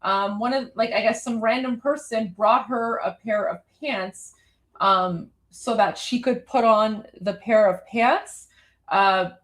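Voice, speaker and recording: A woman's voice: fairly high pitch, takes it slowly, a bit bright. A woman from Iran hosting a live show, giving emphatic, indignant commentary on a video, with many fillers and restarts. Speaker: host.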